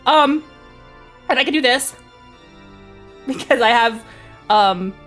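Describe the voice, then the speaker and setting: A woman's voice: a little high, animated, slow pace, fairly bright tone. A woman VTuber chatting casually on a livestream, giggly and rambling, playful. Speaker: VTuber streamer. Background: faint background music.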